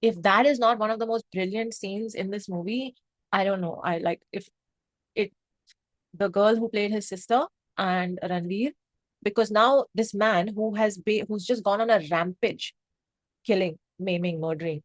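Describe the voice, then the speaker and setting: A woman's voice: mid-range voice, moderate pace, no room sound. A woman from India, reviewing a film to camera in a passionate, emotional, rambling way. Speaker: movie reviewer. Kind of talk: unscripted review chat to camera.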